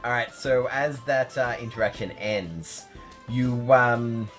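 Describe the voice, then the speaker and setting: A man narrating a tabletop game as game master, relaxed and full of fillers, with faint music behind. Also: mid-range voice, slow. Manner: relaxed, hesitant, many fillers.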